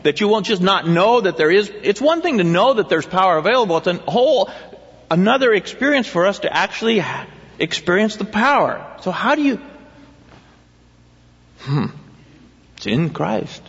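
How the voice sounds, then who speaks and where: A man's voice: high voice, big pitch swings, moderate pace, long pauses, fairly bright tone. A man preaching a sermon in a conversational way, often putting questions to his listeners. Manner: conversational, asks the congregation questions. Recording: dull sound with long hall reverb.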